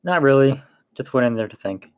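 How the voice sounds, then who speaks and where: A man's voice: medium pitch, lively intonation, fairly quick, no echo, narrow, tinny audio, natural voice. A man reading aloud voices a bold, restless young woman warrior who talks back defiantly. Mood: evasive. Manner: defiant, annoyed.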